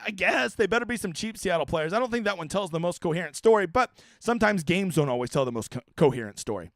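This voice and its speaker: A man's voice: high voice, fast talker, dry recording, studio quality. A young man hosting a live fantasy football stream, reading viewer questions aloud and answering casually with plenty of swearing. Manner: animated, swearing, reads chat questions aloud. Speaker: fantasy sports livestream host.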